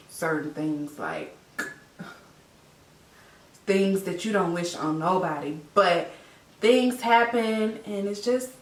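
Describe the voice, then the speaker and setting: A woman's voice: medium pitch, fairly bright tone. A young woman telling a heartfelt personal story to camera, tearful and repeating herself with many fillers. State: teary, crying. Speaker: vlogger, new mother. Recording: echoey room, voice a bit far from the mic.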